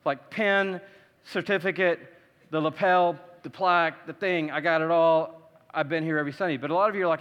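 Male preacher, high pitch, dynamic delivery, reverberant hall. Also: fairly even intonation, fast talker. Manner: dynamic, swings from hushed to loud emphatic; acts out quoted voices. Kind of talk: sermon.

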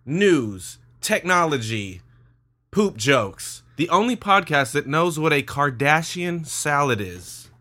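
A man's voice: a little high, big pitch swings, pushed and bright. Joking man hosting a podcast. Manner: loose, joking, fast rambling delivery. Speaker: podcast host. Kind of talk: casual podcast chat.

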